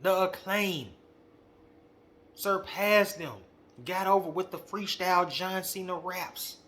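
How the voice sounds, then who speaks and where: Slangy, animated young man ranting. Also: high-pitched, takes it slowly. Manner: animated, slangy, calls out directly. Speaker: wrestling podcast host. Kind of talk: casual opinion monologue.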